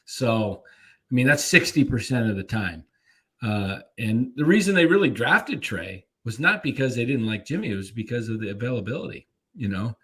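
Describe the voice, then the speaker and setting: Man, sports show host, mid-pitched voice, relaxed, measured, reads viewer messages. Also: husky. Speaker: host reading donations. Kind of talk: casual sports talk show.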